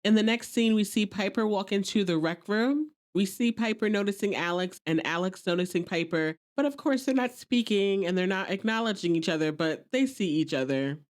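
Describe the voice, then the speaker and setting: A woman hosting a podcast, chatting casually as she recaps an episode and quotes characters playfully. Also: fairly low pitch.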